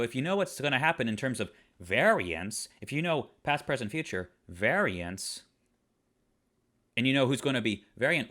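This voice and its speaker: A man in the middle of a ranting review. His pitch sits in the middle, and he keeps piling up exasperated rhetorical questions about what makes no sense. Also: fairly bright tone. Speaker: online reviewer.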